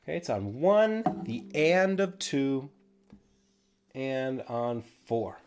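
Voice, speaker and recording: A man teaching a ukulele lesson on a livestream, relaxed and encouraging, counting out beats as he explains. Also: medium pitch, slow pace, noisy background. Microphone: livestream camera mic.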